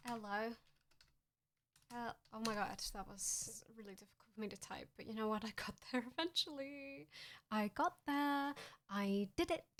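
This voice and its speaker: A young woman streamer chats slowly and playfully, with a slightly high voice. Her jokes come out deadpan and she laughs often between them. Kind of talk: casual stream chat showing fan art.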